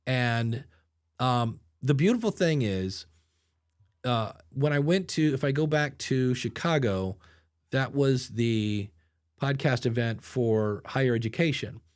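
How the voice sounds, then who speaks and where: A man hosting a podcast, chatting easily and spinning anecdotes. He slips into little voices for the people in his stories. His pitch sits in an ordinary middle range. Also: animated, slow pace, clean tone. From Ohio. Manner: chatty storyteller, acts out quoted people. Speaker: podcast host. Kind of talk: casual podcast chat.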